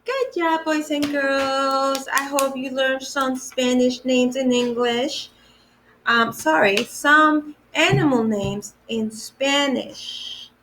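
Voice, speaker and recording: A woman teaching animal words to children in a slow, patient lesson, repeating each word and spelling it out letter by letter. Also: high voice, steady tone, a bit bright, slight background noise. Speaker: day camp Spanish teacher.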